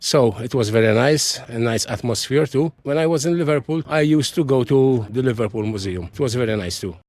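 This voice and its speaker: A man's voice: mid-range voice, fairly quick, a little mellow, no room sound. A man with a Maltese accent giving simple, eager answers and repeating himself often. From Malta. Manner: simple, repetitive, enthusiastic. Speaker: interviewee.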